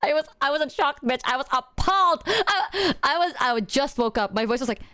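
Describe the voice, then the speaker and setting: A high-pitched woman streamer chatting casually with her co-host. Her voice leaps up and down as she tells the story with lots of giggling and exaggeration. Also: lively intonation, moderate pace, bright, forceful tone. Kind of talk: casual chat.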